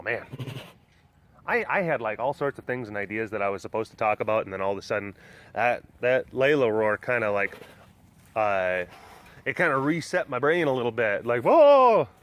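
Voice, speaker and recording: With a medium-pitched, fairly bright voice, a bubbly man records a relaxed outdoor vlog as he walks around a big cat sanctuary. He chats to the people watching and baby-talks to the big cats.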